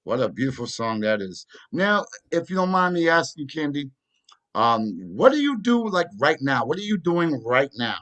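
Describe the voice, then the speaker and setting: A man's voice: fairly high pitch, very animated, moderate pace, fairly bright tone. A man hosting an interview, gushing with praise and asking loose, rambling questions full of fillers. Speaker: interview host. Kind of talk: casual interview.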